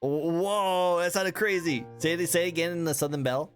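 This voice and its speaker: An American man hosting a casual online interview, excitable and laughing often, with plenty of fillers. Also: a little high, moderate pace, soft background music. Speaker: host.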